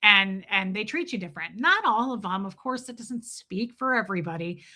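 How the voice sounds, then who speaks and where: A woman's voice: medium pitch, expressive, normal speed, pushed and bright. A woman with a Northern US accent chatting casually as a podcast host, rambling and restarting her sentences. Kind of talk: casual chat.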